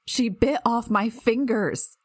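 A woman's voice: fairly high pitch, slow pace, darkish tone, no echo, studio quality, voice pushed up. A woman voicing an injured young woman who trembles with self-pity and lashes out in anger, in an audiobook reading. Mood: anguished. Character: anguished, bitter young woman, injured and cornered.

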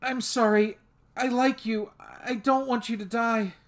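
A man's voice: high voice, slow, fairly bright tone, pitched above the performer's own voice. A man voicing a frightened, apologetic young woman whose body is tendrils, speaking in a pleading way.

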